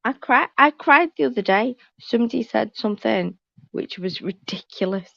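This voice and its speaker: Woman on a stream call, super gravelly, blunt, kinda muffled audio. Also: fairly high pitch, expressive, normal speed, fairly bright tone, no echo. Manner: blunt, emphatic, repeats herself. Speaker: panel guest on a live stream. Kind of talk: casual chat, storytelling.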